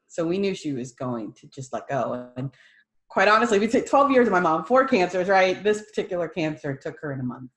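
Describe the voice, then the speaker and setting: A woman's voice: low-pitched, expressive, a little fast. A middle-aged woman, a former nurse, tells an emotional personal story. She laughs through tears and quotes the people in it as dialogue. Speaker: guest sharing a personal testimony.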